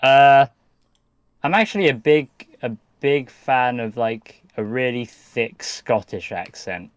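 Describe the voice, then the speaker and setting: A man's voice: medium pitch, slow pace, smooth. A British man, a podcast guest, chatting hesitantly with many fillers and restarts. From United Kingdom. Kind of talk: casual podcast chat.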